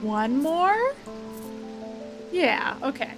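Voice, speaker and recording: A woman's voice: sits high, big pitch swings, very slow. Chatty young woman streamer, music behind. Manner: chatty, thinks aloud, reads text aloud with self-corrections and laughs. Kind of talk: game let's play commentary. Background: background game music.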